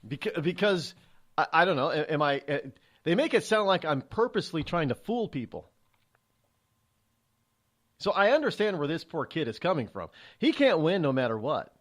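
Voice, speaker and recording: A man's voice: fairly high pitch, moderate pace. A middle-aged man hosting a talk show, delivering an opinionated, sarcastic monologue and acting out the voices of others. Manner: animated, sarcastic, acts out quoted voices. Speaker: radio talk show host.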